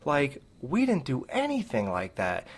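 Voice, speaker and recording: A man in casual podcast chat, ranting and sarcastic with plenty of swearing. His voice sits at an ordinary middle pitch. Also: wildly swooping pitch, measured pace, husky. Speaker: podcast co-host.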